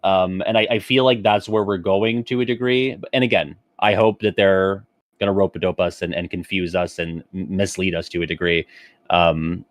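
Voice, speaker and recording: A man's voice: sits low, dry recording, studio quality. A man as a guest on a casual podcast, hedging his opinions with fillers and breaking into joking, exaggerated rants.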